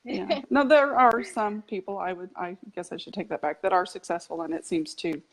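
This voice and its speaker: A woman's voice: lowish voice, normal speed, rough recording. A woman hosting an interview, encouraging her guest with frequent affirming murmurs. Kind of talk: casual interview conversation.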